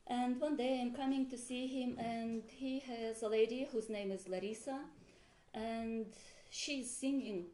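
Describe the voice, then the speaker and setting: Animated woman telling a story in an echoey hall. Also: a little high, unhurried. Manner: animated, laughing, acts out quoted voices. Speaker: seminar participant sharing a story. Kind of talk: casual storytelling to a group. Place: monastery hall with a group present. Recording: echoey room, faint background noise.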